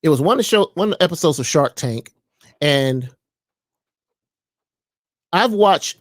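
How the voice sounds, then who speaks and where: A commentary vlogger ranting with a lively voice that swings up and down, preaching and mocking by turns. The sound is dry and close to the mic. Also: mid-range voice, a little slow, no room sound. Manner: animated, preachy, mocking, jumps between voices.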